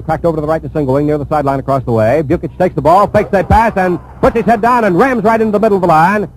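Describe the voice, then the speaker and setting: High-voiced man calling football on radio. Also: slight background noise, poor audio. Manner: brisk, steady play-by-play calling. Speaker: radio play-by-play announcer. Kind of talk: live radio football commentary. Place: press box at a stadium.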